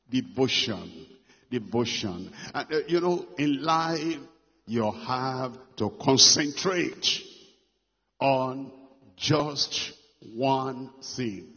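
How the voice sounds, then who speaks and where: A man preaching a sermon, stressing and repeating phrases, moving between loud lines and hushed ones. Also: a little high, breathy edge. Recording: muffled long hall reverb.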